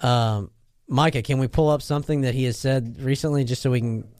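Brief: mid-pitched male co-host, wry, dry close-mic sound. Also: brisk, a little mellow, clean tone, dry recording. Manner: wry, laughs often. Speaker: podcast co-host. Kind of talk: casual podcast chat.

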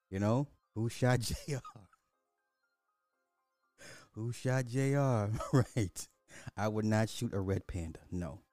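A man's voice: lowish voice, no echo, studio quality. A middle-aged man hosting a podcast, telling stories in casual chat with frequent laughs and swearing. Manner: animated storytelling, laughs often, swears. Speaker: podcast host.

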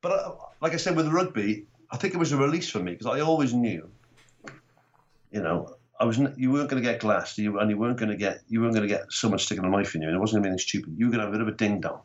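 Fast-talking Welsh man, low voice. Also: muffled recording. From Wales. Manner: animated storytelling, swearing, acting out quotes. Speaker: guest comedian. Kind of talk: casual chat.

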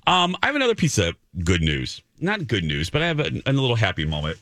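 A man's voice: medium pitch, fast, dry recording, studio quality. A male radio host, telling anecdotes on a casual talk show and voicing the people in them. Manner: animated storyteller, voices others in his anecdotes.

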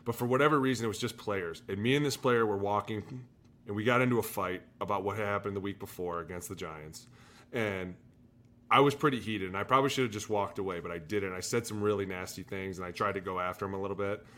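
Animated, bright-voiced ex-player telling stories. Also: male voice, on the low side, fast. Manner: animated storyteller, shouts out quoted lines. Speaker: podcast co-host, former NFL player. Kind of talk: casual storytelling chat.

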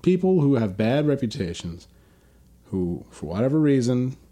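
A man's voice: medium pitch, big pitch swings, moderate pace, mellow. A man co-hosting a podcast, riffing through absurd comedic bits in casual chat, with frequent ums. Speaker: podcast co-host.

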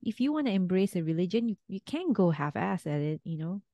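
A woman's voice: fairly low pitch, big pitch swings, brisk, dark tone, no room sound, clean studio sound. A woman in casual conversation, thinking aloud and hedging her opinions about a reality show. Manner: thoughtful, hedging, laughs often.

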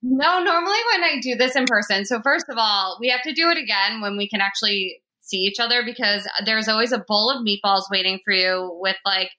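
A young woman hosts a podcast in a bright, forceful, mid-range voice, talking briskly with hardly any pauses. She chats casually, saying "like" constantly and laughing often.

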